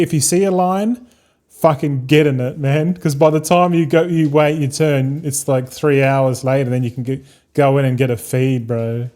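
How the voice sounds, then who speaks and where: An Australian man in his thirties, his voice mid-range and mellow, streams a game while chatting casually with viewers. He rambles in a laid-back way and swears freely.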